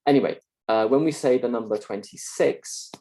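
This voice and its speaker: A man giving a university lecture, explaining clearly and steadily with the odd filler. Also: medium pitch, normal speed, warm tone, rough recording. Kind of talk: recorded lecture.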